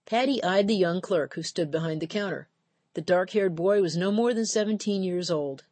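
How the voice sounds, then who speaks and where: A woman narrating an audiobook in a measured, steady storytelling voice. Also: lowish voice, no echo. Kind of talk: scripted narration.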